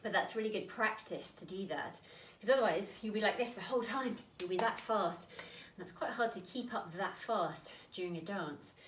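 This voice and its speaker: A woman's voice: medium pitch, normal speed, few pauses, a bit bright, slight background noise. A woman teaching a creative dance lesson for young children, talking straight to them in an encouraging way. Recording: echoey room, mic at a distance.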